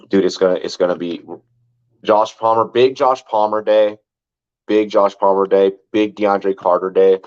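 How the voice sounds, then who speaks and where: A man hosting a fantasy football show in loose, rambling talk, full of repeated words and "like", with some swearing. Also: lowish voice. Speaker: fantasy football podcast host. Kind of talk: casual sports talk. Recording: dull lo-fi sound.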